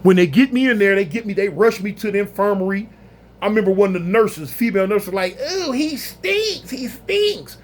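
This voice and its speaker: A man telling a story in a casual, animated, slangy way, acting out other people's voices. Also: high-pitched, fast talker. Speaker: storyteller recounting prison life.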